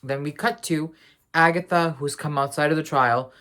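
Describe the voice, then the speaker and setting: A TV series reviewer with a medium-pitched, fairly bright voice talks at a moderate pace through a casual, spoiler-filled take on a show's finale. The review rambles and leans on slang, often correcting itself and restarting mid-sentence.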